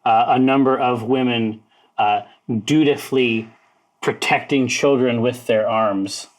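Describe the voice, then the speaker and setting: A man narrating a tabletop game as game master, in halting speech full of fillers. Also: mid-range voice, fairly even intonation, low-quality recording. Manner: halting narration with many fillers, breaks into laughter.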